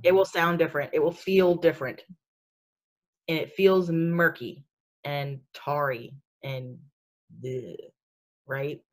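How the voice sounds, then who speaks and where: In a low, steady voice and at a slightly slow pace, she discusses spirituality casually for a podcast. Fillers pepper her sassy, chatty delivery, and she laughs frequently.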